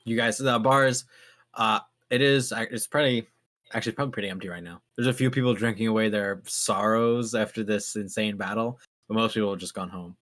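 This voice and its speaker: A man's voice: fairly low pitch, brisk. Man running a tabletop game. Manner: relaxed, hesitant phrasing. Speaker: game master. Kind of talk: casual game narration.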